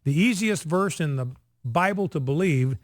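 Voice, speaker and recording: A man hosts a talk radio show, driving his points home by repeating them. His voice sits fairly high for a man. The studio sound is dry and close. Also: animated, moderate pace, dry recording. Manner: emphatic, repeats points for effect.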